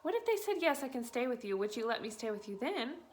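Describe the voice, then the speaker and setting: A woman voicing a frantic, pleading little girl in a read-aloud storybook, speaking high, urgent and breathless. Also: sing-song, fast. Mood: urgent, eager.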